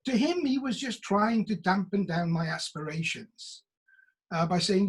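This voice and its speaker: A middle-aged actor from Wales talks over a video call in a noticeably husky voice that sits fairly high for a man. With lively intonation and a moderate pace, he tells animated stories, mimicking people's voices whenever he quotes them.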